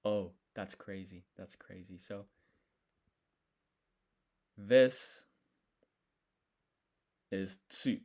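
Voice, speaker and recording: This low, somewhat dark voice belongs to a man learning a language live on stream. He reasons aloud, working through syllables at a slow pace and fixing his own mistakes as he goes.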